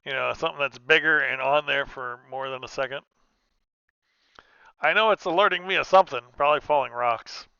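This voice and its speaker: A man's voice: mid-range voice, fairly quick, vocal fry, bright, forceful tone, clean tone, no room sound, lo-fi sound. A man giving casual commentary while playing a trucking game, rambling and cutting himself off with restarts. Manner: rambling, self-interrupting, chatty. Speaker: gaming streamer.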